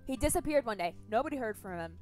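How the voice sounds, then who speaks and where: A young woman streaming a story game, chatting casually, swearing freely and thinking out loud. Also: a little high, expressive, fast, faint music behind. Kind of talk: casual gameplay commentary.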